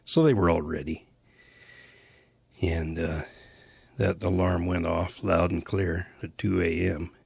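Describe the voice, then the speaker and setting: Deep, gravelly older man reminiscing. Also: steady tone, darkish tone, no room sound. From Western United States. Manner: unhurried, rambling, many "uh" pauses. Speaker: storyteller recalling mission days. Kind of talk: casual spoken reminiscence.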